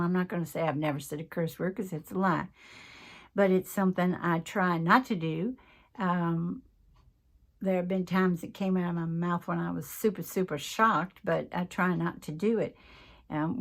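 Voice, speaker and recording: A woman in her sixties with a Southern US accent, chatting casually and earnestly to her viewers as a craft channel host, full of folksy asides. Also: on the low side. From American South. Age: 60s. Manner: chatty, earnest, folksy, with many "y'all" and "you know". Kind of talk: casual chat to camera.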